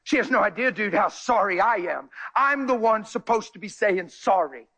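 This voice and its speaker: Guy sharing his testimony at church, high raspy voice, really emotional and emphatic, goes up and down a lot. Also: animated, normal speed, pushed and bright, rough recording. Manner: impassioned, emphatic, voice swinging high and low.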